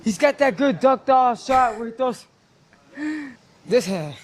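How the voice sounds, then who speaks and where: A man's voice: extremely high pitch, expressive, a little slow. A young man being interviewed after a boxing bout, who rambles and then turns confrontational and defensive. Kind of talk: post-fight interview.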